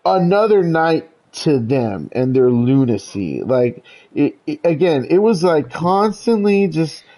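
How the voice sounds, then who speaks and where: A man's voice: fairly high pitch, sing-song, slow, mellow, rough recording. A young man telling a story in casual chat, rambling and profane, with lots of stammered restarts. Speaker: podcast host telling a story.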